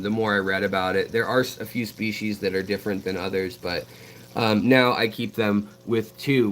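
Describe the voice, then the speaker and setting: A man's voice: lowish voice, fairly bright tone, a little hiss or hum. Rambling American man chatting casually. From United States. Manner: rambling, hesitant, many ums and restarts; reads and answers viewer chat messages. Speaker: fishkeeping live stream host. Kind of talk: casual live stream chat.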